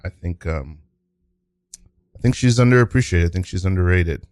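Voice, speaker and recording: Brief: man, improv host, low-pitched, dry close mic, stammers and laughs, playing a nervous flustered husband. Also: moderate pace, a little mellow, no room sound. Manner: encouraging, stammering, laughs often. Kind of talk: improv scene, casual chat.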